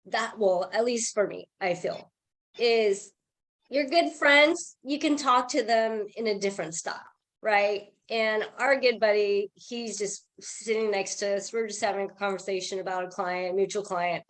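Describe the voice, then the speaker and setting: A woman telling a casual sales story on a group call, chatty and animated, acting out what people said. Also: mid-range voice, a little slow. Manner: chatty, animated, acts out quoted dialogue. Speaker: team member sharing a sales story.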